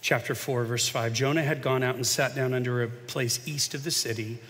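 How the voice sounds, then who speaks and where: A man's voice: medium pitch, fairly even intonation, moderate pace. Man preaching in a reverberant hall. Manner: conversational preaching, big swings from hushed to emphatic. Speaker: pastor. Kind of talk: sermon. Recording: long reverb of a large hall.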